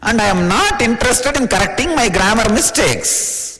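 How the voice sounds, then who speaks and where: A spiritual teacher from India with an Indian accent, giving an informal, playful, teasing discourse in plain words. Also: male voice, very high voice, lively intonation, normal speed, sharp tone. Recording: long reverb of a large hall.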